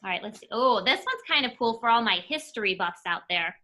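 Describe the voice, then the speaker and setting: A woman's voice: on the high side, expressive, fairly quick, sharp tone. A young woman teacher reading a picture book aloud to her class, with playful, chatty asides to the children. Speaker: elementary school teacher.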